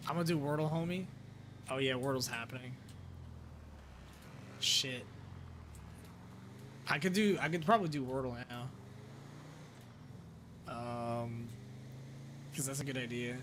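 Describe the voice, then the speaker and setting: Over a noisy background, a medium-pitched man talks a little slowly and pauses often. It's live commentary on a role-play game he's streaming, in which he talks to himself, swears a lot and swings between being frustrated and disbelieving.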